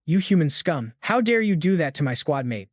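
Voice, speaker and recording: A man's voice: on the high side, sing-song, normal speed, no echo, studio quality. A man voicing a taunting undead headless knight boss in a comic recap, in his own voice. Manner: taunting, haughty.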